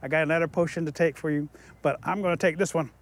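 A man voicing a small, grumpy, wise male mole in a told folktale, gruff and matter-of-fact. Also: fairly high pitch, fairly even intonation, fast talker, voice pushed down, natural voice. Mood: commanding. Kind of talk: oral storytelling.

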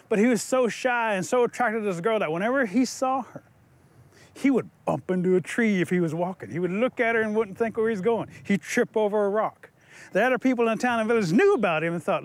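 A man telling a folk tale to listeners at a museum, in a lively, expressive, conversational way. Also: sits high, brisk. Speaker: storyteller. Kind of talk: oral folk storytelling.

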